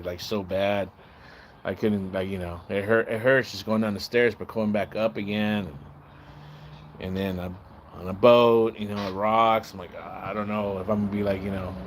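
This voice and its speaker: A man livestreaming, telling a long casual story in a rambling, profane way and acting out the shouts and voices of the people in it. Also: lowish voice, slight background noise. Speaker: live streamer. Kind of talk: casual storytelling on a live stream.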